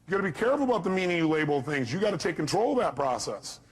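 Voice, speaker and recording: A man's voice: fairly high pitch, very animated, very fast, breathy edge. A man giving a motivational seminar talk, punchy, firing rhetorical questions at a live audience and acting out voices. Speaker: motivational speaker.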